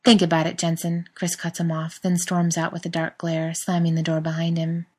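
A woman reading a story aloud in a steady narrating voice. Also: lowish voice, normal speed, breathy edge. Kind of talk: scripted narration.

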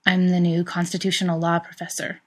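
A woman's voice: lowish voice, completely flat delivery, brisk, lightly acted. A woman voicing a shy, polite young male law professor who speaks hesitantly. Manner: hesitant, soft-spoken.

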